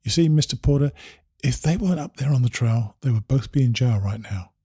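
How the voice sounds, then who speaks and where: A man reading aloud, voicing a calm, matter-of-fact adoptive mother speaking on the phone. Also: medium pitch, brisk, breathy edge, no room sound, clean studio sound.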